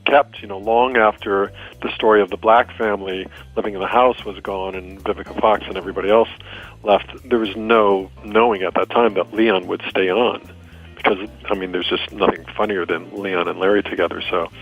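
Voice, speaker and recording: A man with a very low voice reflects calmly in an interview. The audio is dull and muffled. Faint music plays underneath. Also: brisk.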